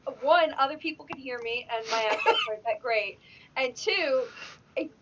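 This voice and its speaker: A woman player in casual chat at a tabletop game, playful and quick to laugh. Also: sits high. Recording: dull lo-fi mic, faint hiss.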